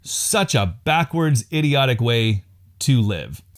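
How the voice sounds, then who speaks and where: A man's voice: medium pitch, takes it slowly, soft background music. A man vlogging casual, candid advice for husbands, often mocking himself. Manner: candid, self-mocking, animated. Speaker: vlogger giving marriage advice. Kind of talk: casual self-deprecating talk to camera.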